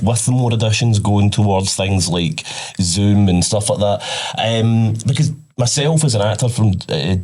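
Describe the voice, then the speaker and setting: A Scottish man hosting a casual chat show, laughing a lot and jumping up in pitch when excited. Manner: laughs a lot, jumps high when animated. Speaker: podcast host.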